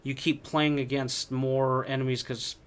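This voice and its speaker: A man's voice: mid-range voice, level tone, a little slow, clear, resonant tone. A man chatting casually while reviewing an old fighting game, rambling with lots of fillers and restarts.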